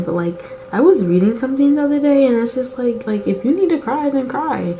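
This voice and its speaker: Doing her makeup, a late-teen girl who vlogs about beauty speaks in a fairly high, mellow, expressive voice, brisk with few pauses. She rambles casually and confessionally, saying "like" a lot and sharing her feelings candidly and emotionally, over a little hiss or hum in a low-quality recording.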